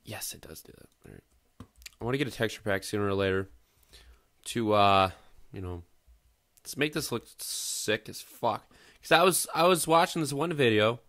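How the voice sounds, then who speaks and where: A man's voice: on the low side, normal speed, long pauses, a bit bright. A man giving casual let's-play commentary over a building game, rambling, swearing freely and poking fun at himself. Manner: rambling, profane, self-mocking. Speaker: gaming video host.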